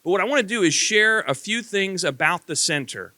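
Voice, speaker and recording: A man who is a pastor serving as master of ceremonies at a banquet, speaking in a lively, preacherly way. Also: sits high, brisk, no room sound. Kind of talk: emcee remarks at a banquet.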